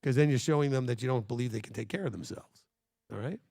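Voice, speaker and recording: A man's voice: medium pitch, quick pace, mellow, no echo, studio quality. A man leading a congregation as its rabbi, teaching in a conversational and emphatic way, speaking straight to the listeners.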